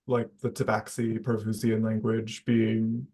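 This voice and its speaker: A man's voice: fairly low pitch, completely flat delivery, unhurried, mellow. A man playing a tabletop game, talking as his spellcaster character in a polite, slightly formal way. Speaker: player. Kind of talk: in-character tabletop role-play.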